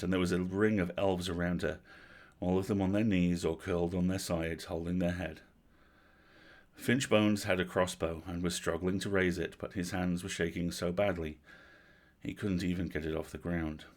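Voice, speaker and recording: A man with a very low voice tells a bedtime horror story on a livestream. He reads in a steady, measured way, letting each line land before moving on. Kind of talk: reading a horror novel aloud.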